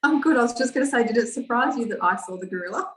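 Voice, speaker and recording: Joking woman with a bright high voice. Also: lively intonation, rapid-fire. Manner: joking, laughing easily. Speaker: workshop participant.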